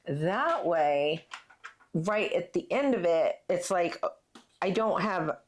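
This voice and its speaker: A woman's voice: fairly low pitch, lively intonation, slow. Chatty woman hosting a crafting chat. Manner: chatty, plans ahead, lots of fillers. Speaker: channel host. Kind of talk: casual chat while crafting.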